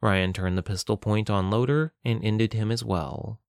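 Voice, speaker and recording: A man narrating a novel in a measured, even storytelling voice on a close mic. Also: lowish voice, no room sound. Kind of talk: scripted audiobook narration.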